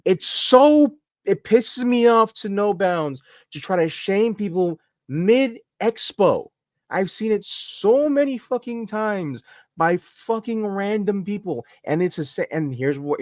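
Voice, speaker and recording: A man's voice: sits high, darkish tone, dry recording, studio quality. A man co-hosting a podcast, ranting heatedly and profanely in casual chat. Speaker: podcast co-host.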